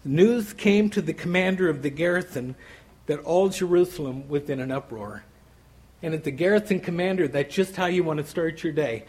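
Husky-voiced man teaching scripture casually. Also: on the high side, normal speed, darkish tone, poor audio. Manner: conversational, many "you know" asides; restarts and repeats words while thinking aloud. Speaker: Bible study teacher. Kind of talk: verse-by-verse Bible teaching.

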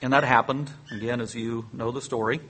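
A man preaching a sermon, reading scripture aloud and dramatizing it with rising excitement, chuckling often and adding conversational asides. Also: medium pitch, a little fast, a little hiss or hum. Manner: conversational, asides with fillers and self-corrections. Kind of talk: sermon, Bible teaching.

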